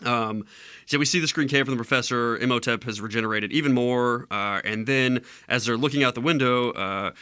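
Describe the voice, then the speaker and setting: A man co-hosting a casual movie podcast, recapping the plot with lots of filler words and quick chuckles. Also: mid-range voice, sharp tone, smooth, no echo. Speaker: podcast co-host.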